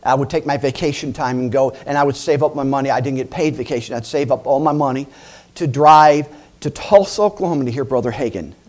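A middle-aged man preaching a lively sermon, laughing and acting out voices as he tells stories. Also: medium pitch, fast.

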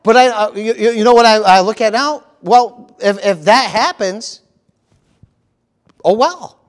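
High-voiced, animated preaching man. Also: unhurried. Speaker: pastor. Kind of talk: sermon. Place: church.

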